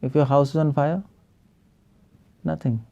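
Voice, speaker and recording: A man's voice: on the high side, steady tone, a little slow, gravelly, dark tone, lo-fi sound. A male preacher giving an online spiritual class over a video call, firing rhetorical questions at the class and chuckling often.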